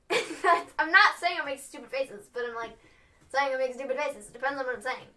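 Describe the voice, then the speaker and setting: Young american woman, kinda high bright voice, rambles on with lots of "like". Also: moderate pace. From United States. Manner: rambling, heavy use of "like". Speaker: co-host. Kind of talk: casual livestream chat.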